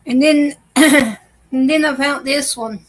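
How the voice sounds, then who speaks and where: A woman's voice: high-pitched, slow pace, poor audio. A woman hosting a casual reaction vlog, telling family stories in a chatty way and laughing often. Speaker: video host.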